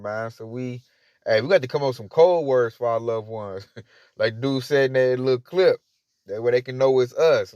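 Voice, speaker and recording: A man with a Southern US accent gives a casual, slang-heavy religious talk as a Hebrew Israelite preacher. He speaks colloquially and acts out quoted voices in a medium-pitched voice. The recording is dull, lo-fi and dry.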